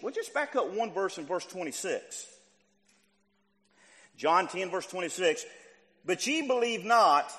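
A man preaching a sermon to a church congregation. He is animated, climbing to near shouts and then dropping low. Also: big-room sound. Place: church sanctuary.

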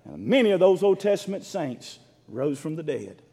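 A man preaching a sermon as pastor, fervent and swelling into shouts, calling for responses from the congregation. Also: fairly high pitch, very animated, moderate pace, vocal fry. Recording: long reverb of a large hall.

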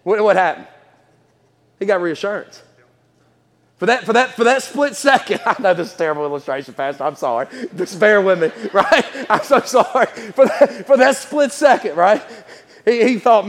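A man's voice: sits high, lively intonation, moderate pace, in a large hall. A man preaching a sermon in church, folksy and chatty, laughing often and repeating his words.

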